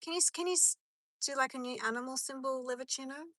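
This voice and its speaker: Bright chatty woman streaming from her car. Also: sits high, fast, dry recording. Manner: rambling and chatty, answering chat comments. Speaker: live streamer. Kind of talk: casual live stream chat.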